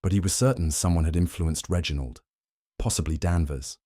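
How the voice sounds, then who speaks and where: Casual: guy doing a tired unsure young lady, soft and hesitant, low dry voice. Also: a little fast, dry recording. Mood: uneasy. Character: weary, uncertain young woman of a manor.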